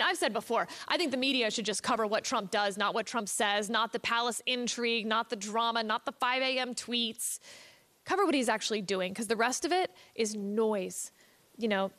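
High-voiced, emphatic woman panelist. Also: a bit bright. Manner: emphatic and opinionated. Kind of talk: panel discussion.

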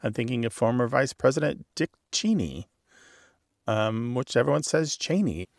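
A man co-hosting a radio show about language, presenting and chatting in an even, friendly way. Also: medium pitch, fairly quick, gravelly, no room sound, studio quality. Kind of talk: casual radio chat. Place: radio studio.

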